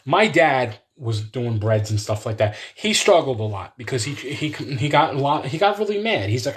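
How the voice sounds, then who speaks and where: A man's voice: mid-range voice, sing-song, moderate pace. Chatty man cooking live. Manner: rambling, chatty, talks to viewers while chopping. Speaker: home cook hosting a live cooking stream. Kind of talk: casual live cooking demo with chat. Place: home kitchen.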